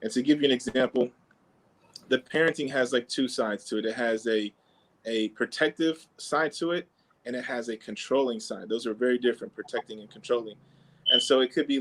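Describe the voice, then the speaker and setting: A man's voice: mid-range voice, fairly bright tone, low-quality recording. A man hosting a podcast, explaining ideas in casual talk full of fillers and little sample dialogues. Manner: conversational, peppered with fillers. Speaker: podcast host.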